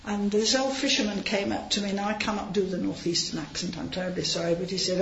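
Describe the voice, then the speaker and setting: A woman delivers an informal sermon in a conversational, storytelling manner, wandering into asides as she goes. Her voice sits at a middling pitch. The recording carries the echo of a large hall, a slightly muffled tone and a faint background hum. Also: fairly even intonation, fast talker, vocal fry, a bit bright. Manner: chatty, anecdotal, with frequent asides and light laughs. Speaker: preacher.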